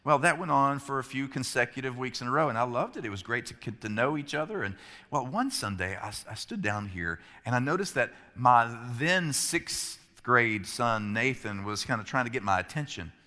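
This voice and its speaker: A male pastor in his forties delivers a sermon in a bright, forceful voice. He preaches conversationally, poking fun at himself as he tells stories. His words ring out with the long reverb of a large church. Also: mid-range voice, animated, normal speed. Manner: conversational, self-mocking storytelling. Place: church sanctuary.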